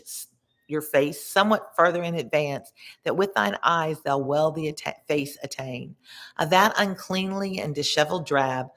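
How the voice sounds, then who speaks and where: A woman's voice: fairly low pitch, fairly bright tone. A woman tutor reading an old poem aloud, stopping for chatty asides that explain words. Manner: reads slowly with chatty word-explaining asides. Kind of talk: read-along with spoken asides.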